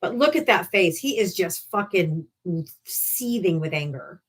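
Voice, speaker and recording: A woman's voice: on the low side, expressive, measured pace, slightly rough. A woman hosting a live political debate stream, ranting in a casual, profane, sarcastic and heated way. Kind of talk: casual livestream rant.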